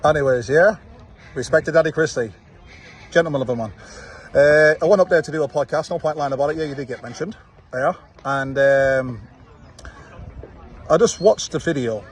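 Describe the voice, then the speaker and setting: A man from Manchester with a Manchester accent, a fight promoter recording a confrontational reply video outdoors and taunting with repeated "yeah?". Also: fairly high pitch. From Manchester, England. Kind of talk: direct-to-camera reply video. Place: outdoors, watching football.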